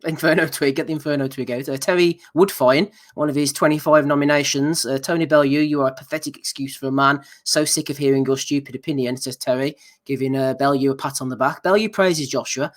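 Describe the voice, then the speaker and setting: A man's voice: medium pitch, steady tone, quick pace. A man hosting a podcast, reading out listener nominations with dry sarcasm. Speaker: podcast host. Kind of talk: casual banter reading nominations.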